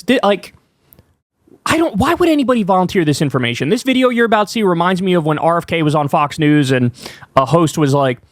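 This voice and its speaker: High-voiced ranting male commentator. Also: dry recording, studio quality. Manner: heated, profane ranting; casual slang. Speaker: political commentary host. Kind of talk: online political commentary.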